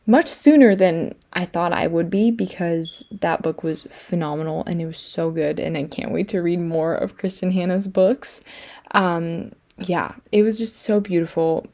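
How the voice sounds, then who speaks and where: A woman's voice: on the low side, mellow. A young woman from France chatting casually about a book she loved, with many fillers and repeated words. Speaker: book vlogger. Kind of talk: casual vlog talk.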